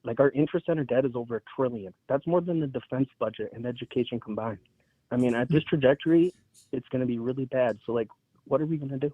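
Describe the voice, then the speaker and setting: Man, caller, hesitant and halting, tinny phone-like audio, very dry sound. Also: medium pitch, no room sound. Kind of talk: casual debate call.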